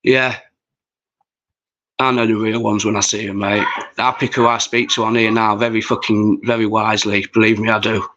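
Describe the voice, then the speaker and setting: A man in his forties hosts a livestream, rambling, swearing freely and chatting casually with viewers. His voice is on the low side and fairly bright, delivered flatly at a moderate pace, and the lo-fi audio has a little hiss or hum.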